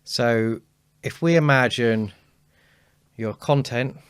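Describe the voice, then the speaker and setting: Lively man coaching on speaking. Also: medium pitch, slow pace, clear, resonant tone, dry recording, studio quality. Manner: animated storyteller, acts out quotes. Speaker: speaking coach, podcast guest. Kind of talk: casual podcast conversation.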